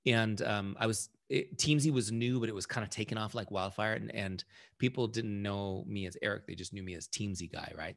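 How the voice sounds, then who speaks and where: Man, low voice, gravelly fry, casual conversational trainer, acts out quotes. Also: steady tone, fast.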